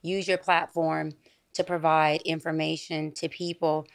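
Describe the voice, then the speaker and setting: A woman, a psychology expert guest on a studio podcast, speaking in a calm, affirming, measured way. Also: low voice, creaky, no echo. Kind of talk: podcast interview.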